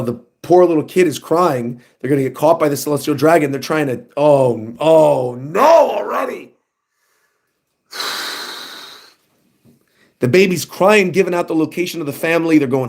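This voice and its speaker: A man streaming a casual manga reaction, reading panels aloud and commenting in an excitable, animated way. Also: a little high. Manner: excitable, animated, reads lines in funny voices.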